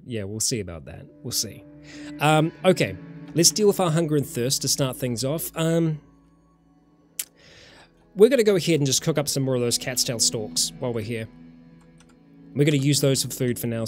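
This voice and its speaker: A man's voice: mid-range voice, a little mellow. A man from New Zealand with a New Zealand accent, casually commenting on a survival game during a live stream and chatting with viewers.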